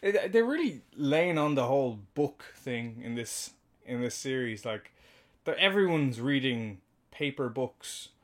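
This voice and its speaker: A man's voice: mid-range voice, expressive, unhurried. A man co-hosting a casual podcast, making dry, wry remarks with stammered restarts. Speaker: podcast co-host. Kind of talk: casual episode discussion.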